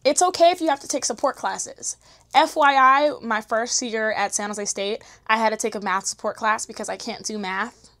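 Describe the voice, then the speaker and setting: A woman's voice: a little high, normal speed, a bit bright. A young woman chatting candidly to camera, slangy, emotional and encouraging. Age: young adult. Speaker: vlogger. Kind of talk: casual chat to camera.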